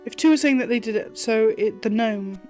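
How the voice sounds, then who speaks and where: A woman streaming a game, reading its narration aloud and then musing over the puzzle in a chatty, playful way. Her voice sits somewhat high. Quiet music runs softly under her talk. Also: brisk. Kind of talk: reading game text aloud and thinking out loud.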